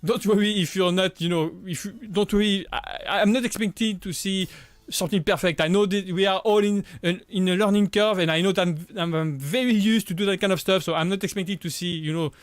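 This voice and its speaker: French guy in his 30s, kinda high voice, friendly livestream chat, lots of restarts, dry sound. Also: no echo. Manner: halting, many restarts and repeated words; friendly and upbeat. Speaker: livestream host. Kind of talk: casual chat with viewers.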